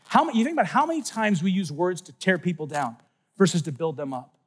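Lively man preaching to a youth crowd. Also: sits high, fast talker, slightly rough. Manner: storytelling with shouted voices and sudden soft asides. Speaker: youth conference speaker. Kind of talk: animated faith talk to a youth crowd. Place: large conference hall.

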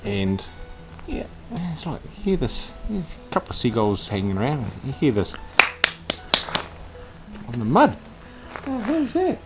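A man with a New Zealand accent telling a fishing story outdoors on a harbour shore, animated and swearing freely. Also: mid-range voice, measured pace, long pauses, over loud music, poor audio. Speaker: fishing and hunting vlogger. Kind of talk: casual outdoor chat.

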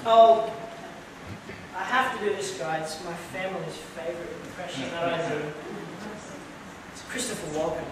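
On stage at a community hall, an impressionist chats loosely between his impressions and admits he hasn't prepared. His voice is high, his pace moderate, with frequent pauses. The recording is noisy and echoey, captured from far off in the hall.

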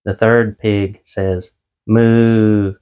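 Speaking slowly in a fairly low voice, a man who resells on eBay talks casually to his vlog audience from a small home office. His humor is corny, folksy and self-deprecating.

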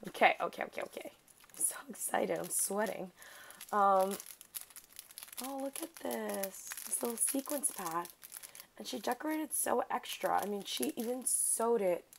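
A woman talks through a craft unboxing at her desk, excited and effusive, full of thank-yous. Her voice has a gravelly fry to it, and she speaks at an unhurried, drawn-out pace. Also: medium pitch, a little hiss or hum, rough recording. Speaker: craft vlogger. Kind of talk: casual unboxing chat.

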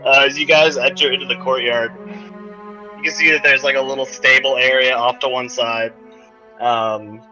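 A man narrates a tabletop game in a very bright voice, full of ums and ahs. The recording is dull and lo-fi, with faint music behind. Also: mid-range voice, steady tone, moderate pace. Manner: rambling, many fillers. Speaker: game master.

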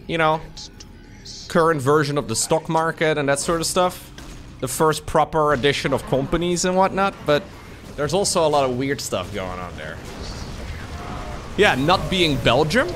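A man's voice: on the high side, fairly bright tone. A man from the Netherlands, a streamer joking sarcastically with his chat. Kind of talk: casual chat with viewers.

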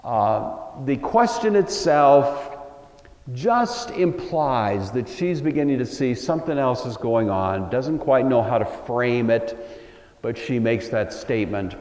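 A man lectures on scripture in an easy, reflective tone, often pausing on an "uh" as he thinks his way through the passage. His medium-pitched voice carries around a roomy hall, and a long echo trails behind each phrase. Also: expressive, darkish tone. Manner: conversational, thoughtful, many uh fillers. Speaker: Bible lecturer. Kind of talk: Bible lecture.

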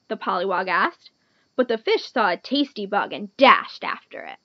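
A woman reading a picture book aloud to children, clear and gentle like a teacher. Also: medium pitch, expressive, moderate pace, no room sound, highs cut off. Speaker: storytime reader.

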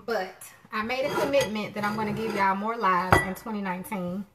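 A woman's voice: medium pitch, fairly even intonation, a little fast, heavy background noise. A middle-aged woman, hosting a live cooking stream from her home kitchen, chatting with viewers and greeting them by name. Her voice has an unusual sound that people often remark on. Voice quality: distinctive voice others call unusual. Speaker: cooking show host.

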